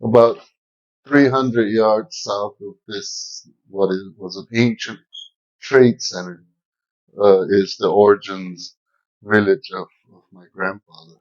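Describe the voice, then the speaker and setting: A man in his fifties from the Zuni area, talking in a casual interview outdoors, slow and hesitant with many fillers. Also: on the low side, fairly even intonation, highs cut off. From New Mexico, Zuni area. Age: 50s. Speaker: guest, cultural guide. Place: outdoors at an old village site.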